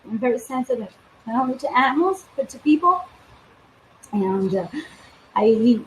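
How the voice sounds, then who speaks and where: Woman, from Venezuela, high voice, emotional, tearful, live-stream talk. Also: a little hiss or hum, rough recording. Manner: emotional, open and heartfelt, with warm laughter. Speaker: fitness vlogger.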